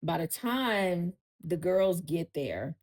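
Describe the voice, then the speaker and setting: A woman's voice: on the low side, animated, slow pace, darkish tone, low-quality recording. A woman, a podcast guest telling a personal story in casual chat, often turning to listeners with "y'all.".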